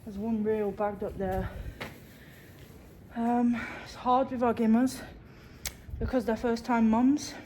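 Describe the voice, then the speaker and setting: A woman's voice: on the high side, little pitch movement, slow pace, dark tone, slight background noise. A woman, a sheep farmer, chatting casually with lots of ums while doing her chores outdoors. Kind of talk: casual farm vlog chat. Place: outdoors on a farm.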